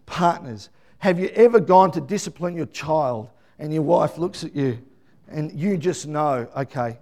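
A middle-aged man preaching a Mother's Day sermon, dropping to quiet asides and then building to loud emphatic shouts. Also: sits high. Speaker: pastor.

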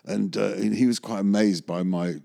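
A man's voice: lowish voice, fairly even intonation, moderate pace, vocal fry, dark tone. A man, a magician, telling a rambling anecdote in an interview, often correcting himself and chuckling. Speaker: magician recalling film work.

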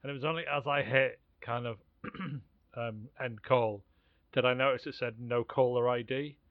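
A man's voice: mid-range voice, steady tone, moderate pace, dry recording. A man from Wales telling a phone-call anecdote in casual chat, acting out both voices. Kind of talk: casual storytelling. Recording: dry, dull lo-fi sound.

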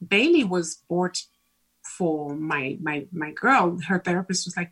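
A middle-aged woman co-hosting a podcast, chatting casually and telling animated stories with frequent laughs. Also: fairly low pitch, a little slow, slightly rough. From Africa. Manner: animated storyteller, laughs often. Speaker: podcast co-host. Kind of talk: casual chat.

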